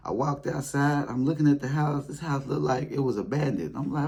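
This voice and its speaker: A man speaking in a casual storytelling monologue, animated, acting out his past reactions in a high voice. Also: fairly quick, few pauses, slightly rough. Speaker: spiritual video creator.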